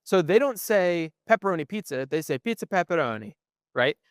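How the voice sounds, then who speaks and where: A man's voice: high-pitched, expressive, a little fast, clear, resonant tone, no room sound, studio quality. A young man co-hosting a podcast, explaining things at length in casual chat and often asking "right?". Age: young adult. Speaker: podcast co-host. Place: museum.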